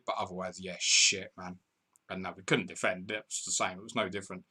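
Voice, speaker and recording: A man's voice: sits low, flat delivery, fairly quick, sharp tone, slightly rough. A man hosting a live football stream, reading viewers' comments and calling match updates in a chatty, bantering way. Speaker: podcast host.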